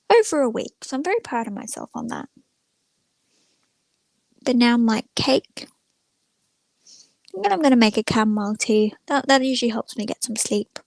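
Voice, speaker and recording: A woman's voice: fairly high pitch, creaky, a little mellow, dry recording. A young woman chatting casually on a livestream, rambling and retelling stories with lots of "I'm like.". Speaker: streamer.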